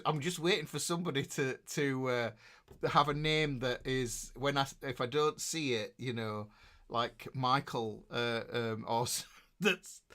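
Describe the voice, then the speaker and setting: Chatting casually on a live stream, a middle-aged man teaching a guitar class reads out viewers' names, throwing in jokes and filler words. He speaks in a mid-range voice that's bright and forceful.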